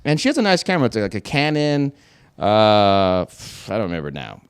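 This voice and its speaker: A man's voice: fairly low pitch, fairly quick, clean tone. A young man, a podcast host, telling a casual story with lots of swearing and acted-out quotes. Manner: animated, swearing, acts out quotes.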